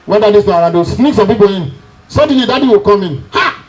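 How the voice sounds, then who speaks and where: Fast and expressive, this high-pitched middle-aged Nigerian man entertains relatives at a reunion with humorous family anecdotes, laughing as he teases the listeners. The recording is low quality with a little hiss or hum.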